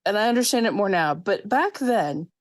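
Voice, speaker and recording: A woman's voice: medium pitch, expressive, normal speed. A woman co-hosting a podcast in casual chat, talkative, with many fillers and asides. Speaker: podcast co-host.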